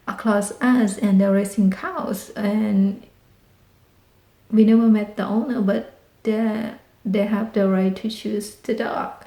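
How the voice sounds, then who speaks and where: A woman with tells a family story as a vlog, excited and animated, piling on dramatic exclamations. Her voice sounds warm and mellow. It echoes in a roomy space. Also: medium pitch, vocal fry. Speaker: vlogger. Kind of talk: casual storytelling. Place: home in rural Texas.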